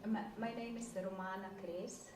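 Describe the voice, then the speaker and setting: Woman therapist, halting self-intro, recorded far off in a noisy room. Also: mid-range voice, fairly even intonation. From Slovenia. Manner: hesitant, with pauses and fillers. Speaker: psychotherapist. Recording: echoey hall, distant mic, loud noise.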